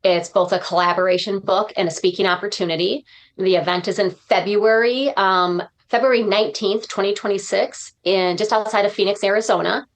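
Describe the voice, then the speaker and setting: A woman's voice: mid-range voice, steady tone, fairly quick. A woman speaking as a podcast guest in a mid-range voice. She is earnest and reflective, shaping her thoughts into uplifting lines the way a motivational speaker does. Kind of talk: podcast interview conversation.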